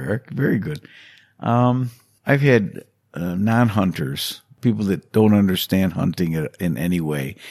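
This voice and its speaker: A middle-aged man with a low, gravelly voice tells stories in a relaxed interview. He gets animated and acts out the lines of the people he quotes, his voice leaping up. The sound is close and dry, with almost no room echo. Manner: animated storyteller, acts out quotes with big pitch jumps. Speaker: hunter and hunting instructor, interview guest. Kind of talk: storytelling in a casual interview.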